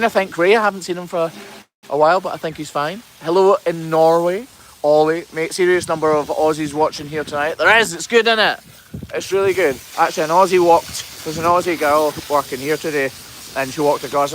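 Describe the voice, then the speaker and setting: A man's voice: a little high, fairly bright tone, slight background noise. Chatty man reading out viewer comments. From Scotland. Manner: chatty, reads viewer comments aloud and answers them. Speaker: hoof trimmer hosting a livestream. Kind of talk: casual livestream chat, reading comments. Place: outdoors on a farm.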